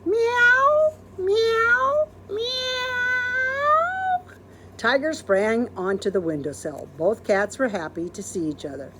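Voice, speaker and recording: A woman librarian reading a children's storybook aloud in a gentle, expressive storytelling manner. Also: mid-range voice, normal speed, few pauses, heavy background noise.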